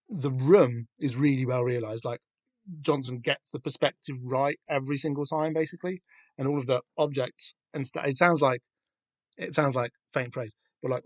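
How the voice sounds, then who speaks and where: Rambling through a casual comic book discussion full of fillers and free swearing, this Southern English podcast host sounds excited. His voice is mid-range, and there's no echo.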